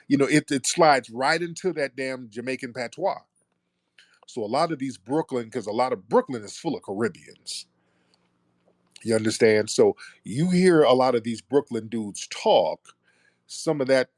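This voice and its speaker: A man's voice: medium pitch, dry recording, clean studio sound. A man hosting a call-in talk show, arguing with and teasing callers in casual chat. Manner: animated, argumentative, teasing callers. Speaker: radio show host.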